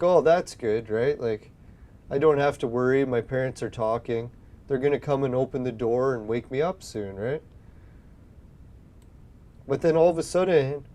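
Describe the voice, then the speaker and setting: Young male gaming host, relaxed mellow voice, rambling storyteller, swears a lot. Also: mid-range voice. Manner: rambling, swears often, acts out his own past lines. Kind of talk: casual storytelling while playing a game.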